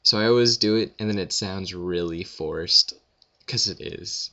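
A young man rambling through listener questions in a casual audio Q&A, with deadpan self-deprecating jokes. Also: sits low, a little slow, dull audio. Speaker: vlogger answering questions.

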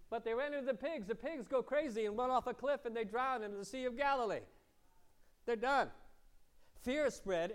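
A man preaching a sermon as pastor, asking the congregation questions, moving between loud emphasis and quiet, low asides.

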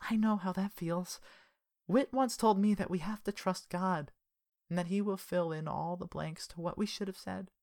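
A woman's voice: on the low side, normal speed, a little mellow, dry recording, clean studio sound, pitched above the performer's own voice, lightly acted. A woman voicing a talkative, sympathetic woman who is an old friend. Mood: gentle. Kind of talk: audiobook character voice.

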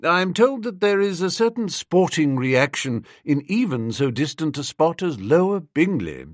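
A man voicing a middle-aged male valet who speaks in a formal, measured, unflappable way. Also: on the high side, sing-song, no room sound, studio quality, voice pushed up. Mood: deferential.

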